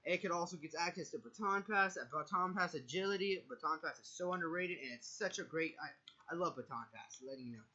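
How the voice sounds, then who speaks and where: A man's voice: fairly high pitch, brisk, bright, forceful tone, slightly rough, muffled recording. A nervous man talking through his picks in a casual monologue, stumbling and correcting himself often. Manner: stumbling, self-correcting delivery. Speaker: video creator. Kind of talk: casual draft analysis monologue.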